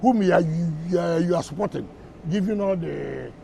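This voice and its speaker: A man's voice: sits high, normal speed, vocal fry, dark tone, slight background noise. A middle-aged Nigerian man answering reporters at a press briefing, combative and firing off repeated rhetorical questions. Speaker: government minister at a press briefing.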